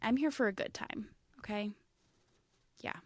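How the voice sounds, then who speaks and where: Midwestern woman podcast cohost, kinda high voice, super dry close mic, animated storyteller. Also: measured pace, no room sound. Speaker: podcast co-host. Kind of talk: casual comedy podcast chat.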